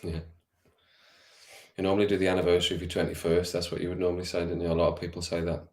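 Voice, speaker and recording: A man's voice: sits low, level tone, racing. A man hosting a casual football watch-along stream, chatting with viewers by name and laughing often. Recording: roomy echo.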